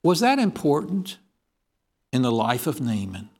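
Male preacher with a lively, swooping pitch, asks the room questions as he goes. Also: a little slow. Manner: reads scripture aloud in King James wording. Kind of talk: sermon.

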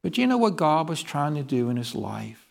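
Male preacher with a lively, swooping pitch, asks the room questions as he goes. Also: normal speed, creaky. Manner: reads scripture aloud in King James wording. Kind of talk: sermon.

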